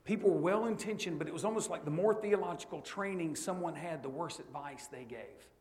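Middle-aged male preacher, slightly high voice, storytelling sermon moving between hushed and emphatic. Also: fairly quick.

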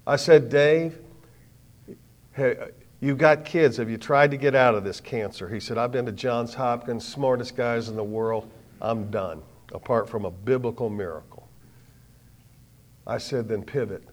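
An older man giving a sermon as storytelling, swinging from hushed lines to loud bursts with dramatic pauses. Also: medium pitch. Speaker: speaker.

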